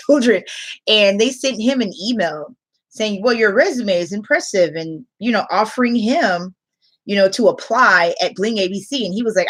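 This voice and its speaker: A chatty young woman hosts a casual livestream as an online English teacher. She talks loosely and conversationally, greets viewers and answers their comments, and laughs easily between thoughts. Her voice sits at an ordinary middle pitch for a woman.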